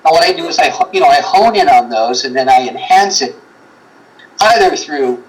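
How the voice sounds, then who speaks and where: A man's voice: fairly high pitch, animated, normal speed, background noise. A man telling a story as a guest on a paranormal talk show, rambling with many fillers and acting out quotes. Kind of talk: animated storytelling in a livestream chat.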